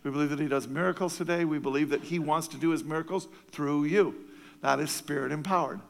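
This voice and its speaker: A pastor preaches with an earnest, emphatic drive and leans on repeated phrases. His voice sits high for a man, with a gravelly edge. The sound rings with the long echo of a church hall. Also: fast. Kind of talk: sermon.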